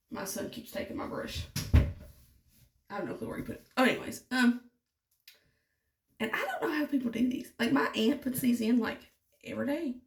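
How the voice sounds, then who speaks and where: A tired young woman, chatting casually and rambling to her vlog audience. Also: mid-range voice. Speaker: vlogger.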